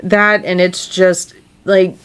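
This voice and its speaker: A woman's voice: on the low side, little pitch movement, slow pace, fairly bright tone, smooth. A woman co-hosting a casual podcast at her microphone, talking earnestly and rambling with many fillers. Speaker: podcast co-host.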